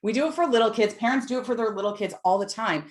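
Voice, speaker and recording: A woman's voice: a little high, fast. A woman in her forties giving a heartfelt, emphatic talk on mental health to an online audience over a video call. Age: 40s. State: tearful at times. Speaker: guest speaker on mental health.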